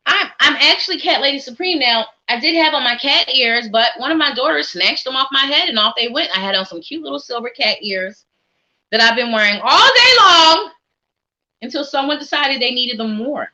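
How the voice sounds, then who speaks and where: A woman's voice: sits high, animated, normal speed, pushed and bright, highs cut off. A woman hosting a live psychic reading stream, talking in an upbeat, encouraging, chatty way. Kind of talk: casual live-stream chat.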